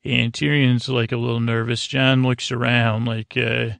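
A man hosting a podcast, retelling an episode in a rambling, halting way, full of "uh" and "he goes". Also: mid-range voice, flat delivery, vocal fry, a bit bright, dry recording. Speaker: podcast host. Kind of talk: rambling episode recap for sleep.

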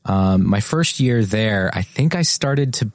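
A man from New Jersey co-hosting a podcast interview, thoughtful and measured, pausing to find his words. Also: lowish voice, expressive, dry recording, studio quality. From New Jersey, USA. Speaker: podcast co-host.

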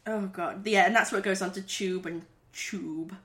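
A woman's voice: medium pitch, steady tone, normal speed, fairly bright tone. A woman with a Geordie accent in casual chat, giggling often and reading tips aloud from a website.

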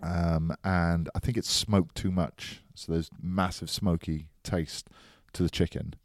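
A man chatting casually on a podcast in a relaxed, matter-of-fact way. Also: deep voice, unhurried, no room sound, studio quality.

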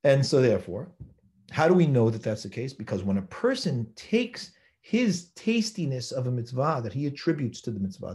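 A rabbi teaching a Torah class, quoting Hebrew sources and pressing his points with rhetorical questions. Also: on the high side. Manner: animated, emphatic, rhetorical questions, quotes Hebrew texts. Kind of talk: Torah lecture.

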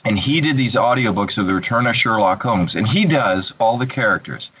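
A man in casual interview chat, an animated storyteller who often restarts his sentences. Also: on the low side, brisk, breathy edge. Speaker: voice actor guest. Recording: tinny phone-like line with faint hiss.

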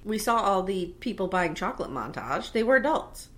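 A woman co-hosting a casual chat, retelling a movie with lively acted-out voices and frequent swearing. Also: medium pitch, brisk. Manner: animated storyteller acting out movie scenes, swears freely. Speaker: podcast co-host.

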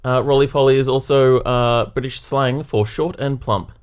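A man, a quiz contestant who asks quick curious questions. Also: medium pitch, fairly even intonation, clear, resonant tone. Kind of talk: casual chat.

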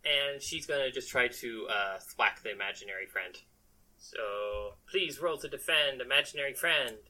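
A woman narrating a tabletop role-playing game as game master, playful and quick to laugh. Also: a bass voice, sharp tone, poor audio. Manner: playful, laughs often, slips into quick character voices.

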